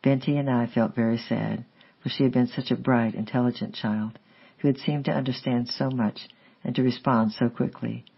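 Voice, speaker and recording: A man steadily reading a memoir aloud in a measured, unhurried way, on a slightly dull lo-fi recording. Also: medium pitch, steady tone, creaky, slightly rough. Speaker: audiobook reader. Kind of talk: memoir narration read aloud.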